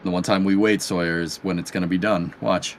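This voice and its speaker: A man's voice: low-pitched, fairly even intonation, a little fast, slight background noise. A man with a Boston accent co-hosting a livestream, teasing his co-host in casual banter. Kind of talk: casual live commentary.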